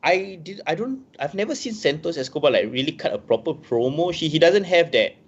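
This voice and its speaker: A man's voice: fairly high pitch, animated, brisk, husky. A man co-hosting a casual wrestling podcast, conversational and hedging, often calling his co-host bro. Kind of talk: casual wrestling review chat. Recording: dull lo-fi mic.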